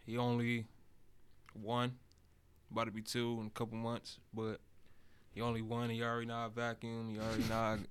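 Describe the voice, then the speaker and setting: A young man co-hosting a casual podcast, speaking softly and easily about his son. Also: medium pitch, completely flat delivery, brisk, long pauses, clean tone. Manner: laid-back, soft-spoken. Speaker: podcast co-host.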